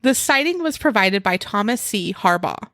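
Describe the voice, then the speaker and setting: A woman's voice: mid-range voice, lively intonation, moderate pace, fairly bright tone, no room sound. A woman co-hosting a podcast in casual chat, wry and teasing, laughing often. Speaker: podcast co-host.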